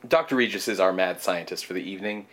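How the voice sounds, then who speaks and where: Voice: deep voice, fast talker, fairly bright tone. A co-host in casual chat, explaining ideas and often filling with "like". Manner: chatty, says 'like' often, playfully mimics lines. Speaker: podcast co-host.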